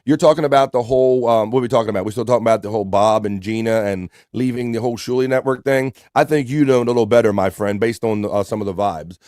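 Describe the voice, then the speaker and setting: A man's voice: mid-range voice, quick pace, hardly any pauses, darkish tone, no echo, studio quality. A man with a US East Coast accent hosting a casual livestream, upbeat, reading chat messages aloud and greeting people by name. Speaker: livestream host.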